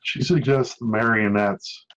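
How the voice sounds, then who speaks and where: A man's voice: on the low side, fairly even intonation, slow, fairly bright tone. A man narrating a tabletop game as game master, with a dry, joking manner. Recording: dull lo-fi sound.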